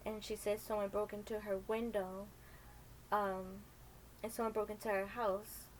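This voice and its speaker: A neighborhood man reporting what happened in plain, even words, as a woman retells him in her own voice. His delivery is flat and matter-of-fact, with no show. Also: medium pitch, measured pace, slight background noise, close to an everyday voice, rough recording.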